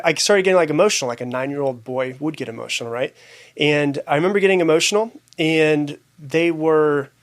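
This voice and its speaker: Male podcast guest, slightly high voice, reflective, open storytelling, loose and halting. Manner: reflective, many fillers and restarts. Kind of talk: candid personal storytelling.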